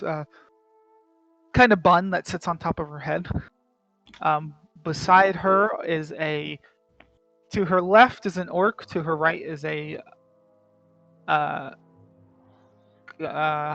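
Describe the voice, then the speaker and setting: A man's voice: fairly high pitch, steady tone, slow, vocal fry, long pauses, pushed and bright, no echo, muffled recording, faint music behind. A man narrating as dungeon master in a casual way, full of fillers and self-corrections. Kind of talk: narrating a tabletop game.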